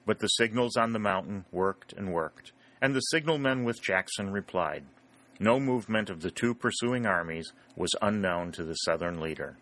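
A man reading a historical novel aloud as audiobook narrator, in measured storytelling. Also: deep voice, expressive, fairly bright tone. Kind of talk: scripted narration.

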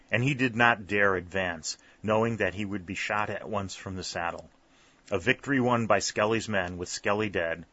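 A man narrating a story, with steady, even storytelling. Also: on the low side, no echo. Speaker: audiobook narrator. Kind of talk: scripted narration. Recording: slightly dull, dry recording.

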